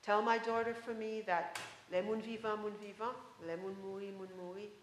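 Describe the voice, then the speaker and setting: Woman reading as a dead father's calm spirit. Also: mid-range voice, moderate pace, reverberant, slight background noise, close to an everyday voice, low-quality recording.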